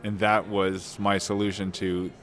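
Guy with a lowish voice thinking out loud about his book, stops and restarts a lot, um and uh everywhere. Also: flat delivery, faint music behind. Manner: thoughtful, halting, many restarts and fillers. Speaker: novelist guest. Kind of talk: casual interview answers.

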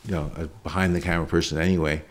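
A man's voice: deep voice, level tone, very fast. A documentary filmmaker, a man, answering interview questions in a plainspoken, reflective way.

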